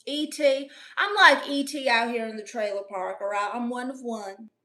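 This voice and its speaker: A woman's voice: fairly high pitch, normal speed, pushed and bright. A woman doing a comedic livestream in character, brash and playfully boastful as she reads out chat messages.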